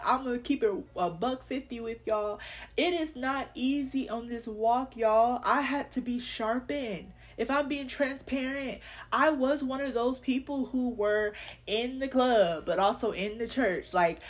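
A woman's voice: on the high side, normal speed. A young woman hosting a faith podcast, talking candidly and earnestly in casual slang, sometimes laughing. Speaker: podcast host.

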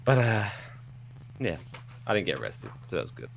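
Podcast host, male, low voice, very animated, rambling and playful storyteller. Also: normal speed, creaky, slight background noise. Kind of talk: casual storytelling, live podcast. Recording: live show with audience.

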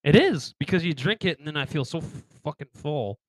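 Joking man with a lively voice. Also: a little high, a little fast, dry recording. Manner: crude, joking, laughs often. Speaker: podcast co-host. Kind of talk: casual chat.

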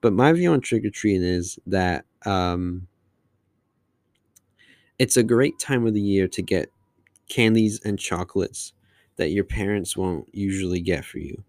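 A man's voice: deep voice, a little slow, long pauses, a little mellow, dry recording. A man hosting his podcast alone, talking casually in a long-winded, rambling way. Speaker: podcast host. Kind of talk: casual solo monologue.

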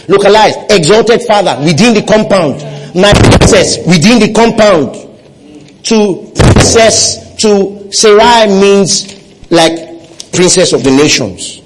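Give me a man with a high voice preaching a sermon, calling out to the congregation and repeating his points. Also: a little hiss or hum, low-quality recording. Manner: call-and-response preaching with the congregation; repeats phrases for emphasis. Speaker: pastor.

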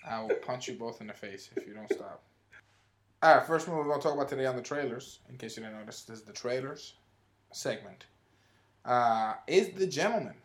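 A man's voice: mid-range voice, lively intonation, a little fast. A man hosting a casual movie talk show, leading segments with a teasing manner. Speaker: host. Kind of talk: casual chat.

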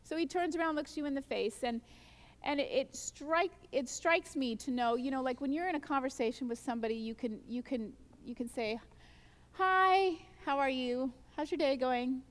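A woman's voice: high voice, a little fast. A woman giving a personal testimony at a church gathering, telling stories earnestly and acting out her own prayers. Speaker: guest speaker at a church gathering. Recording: long church hall reverb.

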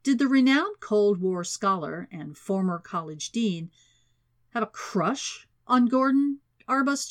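A woman reading a thriller audiobook as narrator, in a steady, even reading voice. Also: medium pitch. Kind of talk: scripted narration.

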